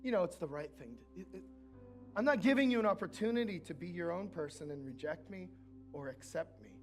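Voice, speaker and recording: A male pastor preaches with an earnest, personal delivery. His voice sits a little high for a man, and it drops from emphatic lines into hushed asides. Faint music plays under the sermon. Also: lively intonation, brisk. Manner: earnest, swings from loud to soft intimate asides. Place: church.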